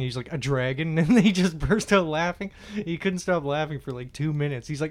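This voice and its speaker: A male comedian co-hosting a casual podcast. He tells stories with energy and keeps breaking into loud, acted-out quotes of the people in them. His voice sits somewhat high for a man. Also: quick pace, few pauses. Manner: animated storyteller, acts out quoted voices loudly. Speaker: podcast co-host. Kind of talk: casual chat.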